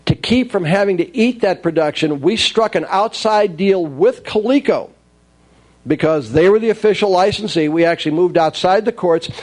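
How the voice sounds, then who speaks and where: A man telling wry, lively stories from his career in the toy business, acting out the dialogue as he goes. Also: high voice, moderate pace. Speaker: speaker recounting his toy industry career. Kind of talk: anecdotal storytelling talk.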